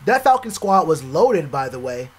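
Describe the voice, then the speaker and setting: A young man streaming live, chatting casually with viewers, animated and repetitive, full of slang. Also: fairly high pitch, moderate pace, husky. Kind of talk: live stream reaction chat.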